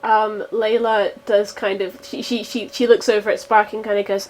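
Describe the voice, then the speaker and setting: A woman's voice: medium pitch, level tone, moderate pace, darkish tone. A woman playing a tabletop role-playing game, chatting casually and hesitantly as she describes her character's actions.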